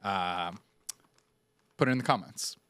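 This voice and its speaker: Low-voiced easygoing man, dry sound. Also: unhurried, a bit bright, clear, resonant tone, no echo. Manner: easygoing storytelling with fillers. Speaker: podcast co-host. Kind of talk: casual chat.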